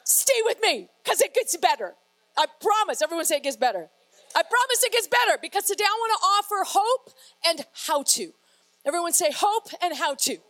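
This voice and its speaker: A woman pastor delivering an energetic sermon, asking the congregation questions and reading scripture aloud with drama. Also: very high voice, normal speed, low-quality recording.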